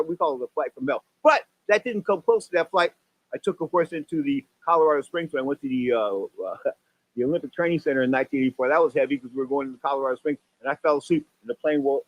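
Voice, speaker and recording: An older man in his sixties talks fast on a boxing radio show, rattling through one story after another. His voice sits a little high and leaps higher whenever he exclaims or acts out a quote. The sound is dry and close-miked, with no room around it. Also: no echo, poor audio. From San Francisco Bay Area. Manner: animated storyteller, voice jumps up for exclamations and acted quotes. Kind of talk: rambling radio talk show monologue.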